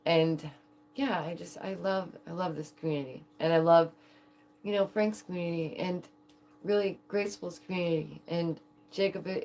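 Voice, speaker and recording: A woman's voice: on the low side, dark tone, a little hiss or hum. Giggly chatty woman streamer. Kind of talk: casual livestream chat.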